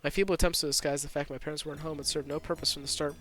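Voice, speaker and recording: A man narrating a story at a rapid clip, his voice slightly high. He reads tense first-person scenes as a streamer, breaking off now and then for asides. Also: little pitch movement, bright, forceful tone. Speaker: streamer reading a visual novel aloud.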